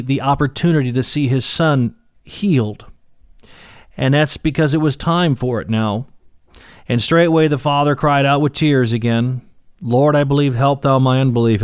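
A man with a mid-range, slightly mellow voice reads Bible verses aloud, then explains them in a plain teaching style, full of fillers and restarts. He's speaking while in pain. The recording is dry, with clean studio sound.

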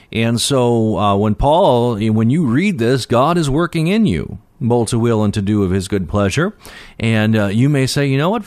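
Low-voiced man teaching Scripture, dry sound. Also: no echo. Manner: conversational, pauses with fillers, stresses key words. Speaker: Bible teacher. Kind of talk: expository Bible teaching.

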